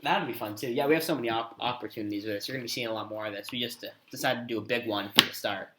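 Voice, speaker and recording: A man's voice: mid-range voice, rapid-fire, very noisy. Man, podcast co-host, casual debate, trails off into mumbles, echoey room. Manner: thinks aloud, trails off into quiet mumbles. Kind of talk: casual sports debate chat.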